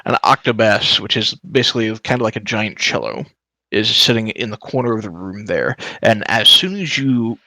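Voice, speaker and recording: A man narrates a tabletop game as its game master, animated and cracking jokes. His voice is bright and lively, with wide swings in pitch. The sound is close and dry. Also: normal speed, dry recording. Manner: animated, profane, joking.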